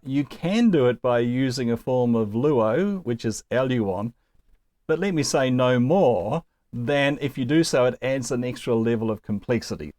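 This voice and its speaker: A man's voice: mid-range voice, a little mellow, dry recording. A man teaching a recorded language lesson, earnest and emphatic, with little asides to the learner. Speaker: Greek teacher.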